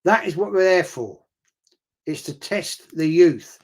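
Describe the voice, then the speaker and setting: A middle-aged man chatting through a live football watch-along stream, rambling and excitable and swearing freely. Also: high voice, takes it slowly, husky.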